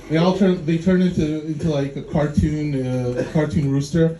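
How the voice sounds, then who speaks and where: A man from Poland doing dry, dark stand-up and teasing the crowd, on a handheld mic in a club. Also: fairly high pitch, moderate pace, few pauses. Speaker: stand-up comedian. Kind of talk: stand-up comedy. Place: dark club room in a city. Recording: echoey club with loud audience noise.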